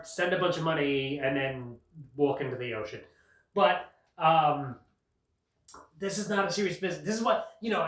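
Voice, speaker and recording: A comedian host with a fairly high, fairly bright voice riffs sarcastically through a rambling monologue on his show, laughing at his own jokes. The sound is roomy, with the mic set at a distance.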